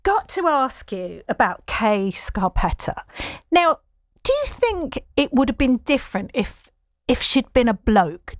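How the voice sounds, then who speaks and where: Bubbly woman host, high voice that jumps around a lot. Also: sing-song, unhurried, no room sound. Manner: bubbly, laughs often. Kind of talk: interview.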